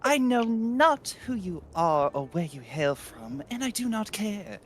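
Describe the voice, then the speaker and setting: Guy doing a haughty arrogant fighter, slow deliberate threats, faint noise behind. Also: high-pitched, big pitch swings, a bit bright, full character voice. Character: proud, arrogant male tournament fighter. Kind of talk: reading game dialogue aloud.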